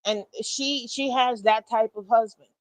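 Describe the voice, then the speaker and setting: A woman telling a story in a blunt, animated way. She swears freely and talks straight to her listeners as y'all. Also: on the high side, unhurried, dry recording, rough recording. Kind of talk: casual storytime.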